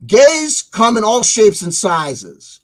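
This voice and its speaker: A man with a notably high voice rants through his own commentary. His swearing is constant and his tone is mocking and angry. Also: big pitch swings, takes it slowly. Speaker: commentary channel host. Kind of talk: ranting commentary.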